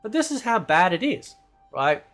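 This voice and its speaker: A man's voice: high-pitched, very animated, moderate pace, a bit bright, faint music behind. A man hosting a ranting commentary video, loose and combative, who keeps asking "right?". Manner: loose, rambling delivery with fillers and swearing. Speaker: commentary channel host.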